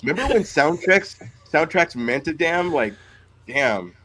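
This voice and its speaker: A man's voice: on the high side, animated, measured pace, crowd noise, poor audio. A man co-hosting a podcast, talking in a loose, rambling way. He swears freely and often drifts off mid-thought. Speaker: podcast co-host. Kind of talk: casual chat.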